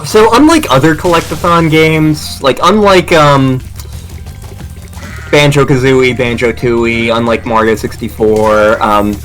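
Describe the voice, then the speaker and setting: A man's voice: mid-range voice, unhurried, fairly bright tone, faint music behind. A young man giving casual, rambling game commentary with jokes, co-hosting a stream. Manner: rambling, joking, laughs often.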